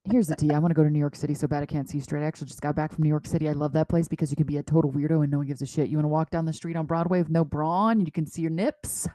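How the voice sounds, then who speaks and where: A woman in her thirties co-hosting a podcast in casual chat, animated and joking, quick to tease. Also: low-pitched, no echo. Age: 30s. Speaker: podcast co-host.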